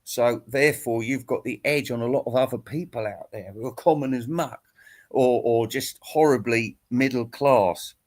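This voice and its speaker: A man's voice: mid-range voice, normal speed. Teasing man ranting to camera. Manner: teasing, crude, laughs at own jokes. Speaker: YouTube commentator. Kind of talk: rambling mock-serious rant.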